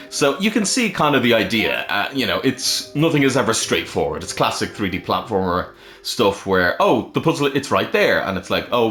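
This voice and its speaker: A man rambles through casual commentary while playing a game, thinking aloud as he goes. His intonation is lively and varied. The sound is roomy, with faint game music underneath. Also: low-pitched. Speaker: game reviewer.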